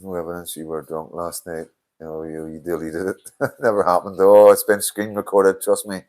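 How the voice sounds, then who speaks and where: Older streamer with a very low voice, tired and sweary, chatting loosely to his viewers. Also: level tone, moderate pace, a little mellow. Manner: swears a lot, tired and yawning. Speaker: livestream host. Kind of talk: casual live-stream chat reading comments.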